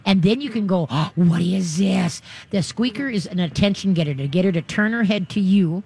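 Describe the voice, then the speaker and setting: A woman's voice: medium pitch, animated, quick pace, a little mellow, breathy edge. Chatty woman radio dog-training host. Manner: chatty, coaching, acts out dog voices. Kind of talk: call-in radio advice.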